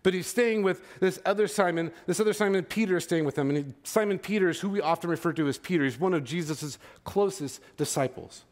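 Conversational male pastor preaching, slightly high voice. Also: quick pace, few pauses. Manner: conversational, checks in with "okay?" and "right?". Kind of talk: sermon.

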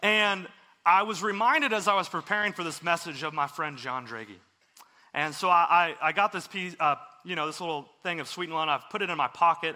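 A man delivers a sermon in a high, bright voice. He tells a story in an earnest, conversational manner, as if talking with his congregation. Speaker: preacher.

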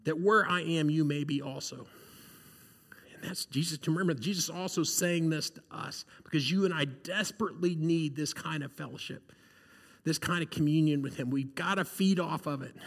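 A man's voice: fairly high pitch, in a large hall. A male pastor giving a sermon, earnest and conversational, often checking in with the congregation.

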